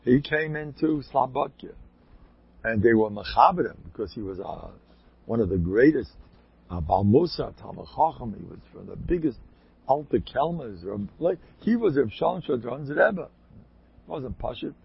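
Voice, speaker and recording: A man with a rough, gravelly, husky voice tells long rambling anecdotes and breaks into emphatic bursts. The sound is dry and close. It is a dull, lo-fi recording. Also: mid-range voice, big pitch swings, normal speed. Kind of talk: casual spoken anecdotes.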